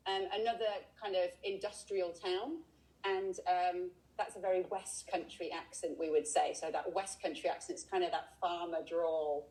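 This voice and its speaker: A woman's voice: on the low side, fairly even intonation, moderate pace, darkish tone, poor audio. A woman from England giving a live walking tour outdoors over a video call, explaining in a chatty way with frequent ums. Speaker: tour guide. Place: outdoors by a river.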